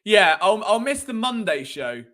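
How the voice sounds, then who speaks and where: A man's voice: sits high, big pitch swings, a little slow, bright, forceful tone. A young British man hosting a sports live stream, chatting in a cheeky, rambling, jokey way. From Britain. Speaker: sports show host.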